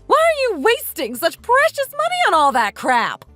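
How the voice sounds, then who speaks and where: A bossy, scornful older mother-in-law in her sixties, put on by a woman reading a texting story. She scolds and insults in a high voice that leaps up and down. The sound is close and dry, with no room around it. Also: wildly swooping pitch, normal speed, bright, forceful tone, no echo, faint music behind, exaggerated voice.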